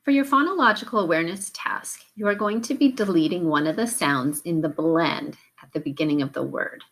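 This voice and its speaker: A woman teacher running a phonics drill, giving patient, clearly stretched-out word prompts. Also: fairly low pitch, brisk, a bit bright. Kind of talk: slow, deliberate classroom drill.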